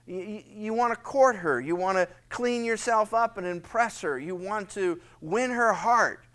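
A man preaching through a Bible passage with a high, clear and smooth voice. He talks conversationally and gets animated, slipping into a pleading father's tone for quotes. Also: a little slow. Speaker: pastor. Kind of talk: sermon, Bible study.

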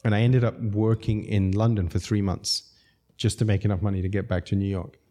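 A Zambian man, appearing as a guest who runs a restaurant, tells lively stories in relaxed conversation, laughing frequently and performing the quotes. His voice sits fairly low and he speaks briskly.

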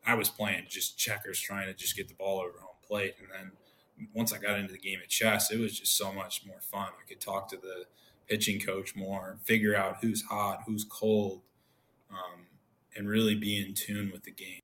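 A man in his thirties with a lowish voice tells stories on a podcast. He talks casually and slips into the voices of people he quotes, with a faint hum of noise behind him. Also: normal speed. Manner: animated, acts out quoted dialogue. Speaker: podcast guest, former pro pitcher. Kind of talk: casual storytelling.

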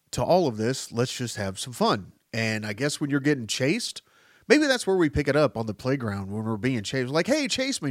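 A man's voice: mid-range voice, no echo, studio quality. Rambling, profane male podcast host. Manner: rambling, profane, jumping between tangents; animated, voice jumping up for emphasis. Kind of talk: casual rambling monologue.

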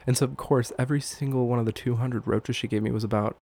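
A man's voice: mid-range voice, steady tone, quick pace, vocal fry, darkish tone, slightly rough, dry recording. A man hosting a casual solo podcast, rambling, swearing and laughing often, with many fillers. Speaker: podcast host.

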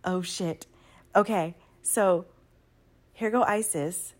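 A woman talking at home at night in a rambling, excitable casual monologue, full of swearing and slang. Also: on the low side, slow. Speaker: spiritual channeler.

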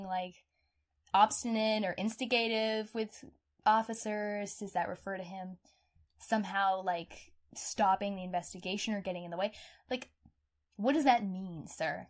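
A young woman co-hosting a podcast, chatting in an expressive, outspoken way and swearing casually. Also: mid-range voice. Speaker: podcast co-host. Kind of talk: casual true-crime chat.

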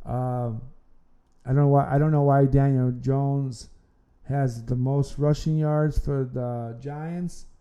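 A man hosts a casual sports podcast in a rambling way, often stumbling over and repeating his words. His voice is very dark, mellow and smooth. The recording sounds dull and lo-fi. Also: mid-range voice, steady tone, slow pace. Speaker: podcast host.

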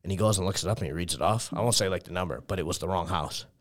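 A young man with a Texan accent telling a rambling story in casual chat, full of fillers and swearing. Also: low-pitched. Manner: fast rambling anecdote full of fillers and profanity.

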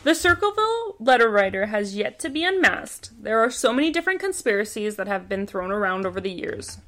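A woman's voice: a little high, very animated, a little fast, fairly bright tone. A woman hosting a podcast, casually telling a true crime story from her notes and laughing easily.

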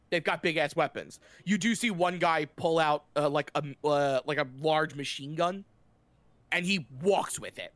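A man with a slightly high voice runs a tabletop game, narrating the scene in a loose, chatty way. He talks in a relaxed, offhand manner, full of fillers and restarts as he fills in the details. The sound is dry and close, with no room echo. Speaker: game master.

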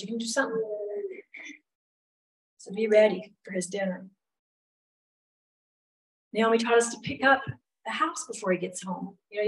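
A middle-aged woman, teaching a women's Bible study in a chatty, candid way with many asides. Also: on the high side. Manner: chatty, candid, lots of "you know" asides. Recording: voice a bit far from the mic.

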